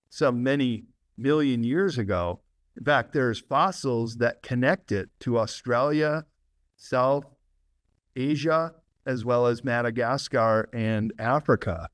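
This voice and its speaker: An enthusiastic man talks at length as a podcast guest, laughing now and then. His voice has a middle pitch. The sound is dry and close, with no room around it. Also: dry recording. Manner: enthusiastic, laughs often, steady explaining. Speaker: guest author. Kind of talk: podcast interview storytelling.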